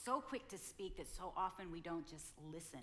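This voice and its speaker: A woman's voice: lowish voice, animated, moderate pace, fairly bright tone. A woman in her sixties speaking at a couples conference, playfully telling her side of a marriage story. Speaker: speaker, pastor's wife.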